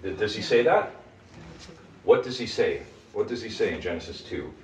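A man's voice: fairly low pitch, animated, moderate pace, a little hiss or hum. A man leading a group Bible study. He teaches in an emphatic way and keeps asking the group questions. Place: room with a small group. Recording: echoey room, mic at a distance.

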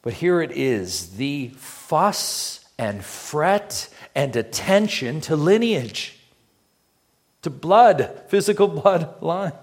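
Pastor guy preaching, kinda high voice, keeps asking the room "what?" and answering. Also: very animated, takes it slowly, hardly any pauses. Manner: emphatic preaching with rhetorical call-and-response questions. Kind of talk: sermon.

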